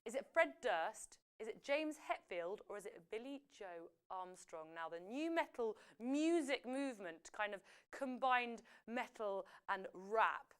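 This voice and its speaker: A woman hosting a live quiz, chatty and lively, often correcting herself as she goes. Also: on the high side, clean tone. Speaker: quiz host.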